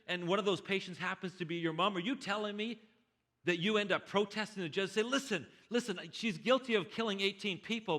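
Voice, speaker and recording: A man's voice: sits high, bright, forceful tone, voice pushed up. A man playing a stern, unbending judge. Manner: measured, firm, rhetorical questions. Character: stern male judge, calm and unyielding.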